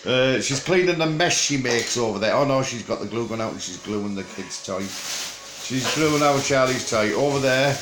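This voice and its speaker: An older man with a broad Teesside accent, rambling jokily in casual chat to camera and pausing often on fillers. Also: mid-range voice, animated, roomy sound, noisy background. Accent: Teesside English. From England. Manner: rambling, jokey and chatty, with frequent filler pauses. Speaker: vlogger.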